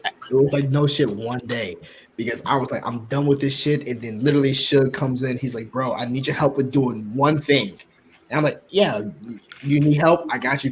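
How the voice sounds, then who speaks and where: Animated, foul-mouthed male podcast host. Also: medium pitch, a little hiss or hum. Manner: animated storytelling, swears freely. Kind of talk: casual chat.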